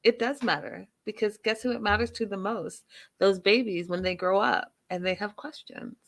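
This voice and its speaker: A woman's voice: medium pitch, normal speed. A woman hosting a TV recap, talking emphatically with rhetorical questions and repeated phrases. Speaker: host. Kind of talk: TV show recap and commentary.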